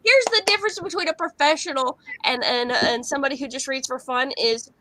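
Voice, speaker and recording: A woman's voice: high-pitched, fairly quick, a loud crowd, rough recording. A woman who works as a professional psychic, giving a frank, chatty tarot reading with casual asides and swearing.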